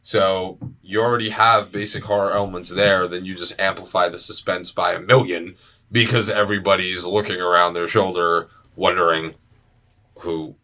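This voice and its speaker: Bright-voiced young man chatting about movies. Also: low voice, normal speed. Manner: animated, joking, swears freely. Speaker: podcast host. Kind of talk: casual movie chat.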